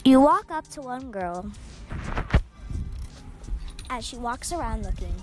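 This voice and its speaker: A woman's voice: fairly high pitch, animated, takes it slowly, music in the background. A woman casually reading a second-person fan story aloud, rambling and correcting herself as she goes. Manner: rambling, self-correcting, breezy.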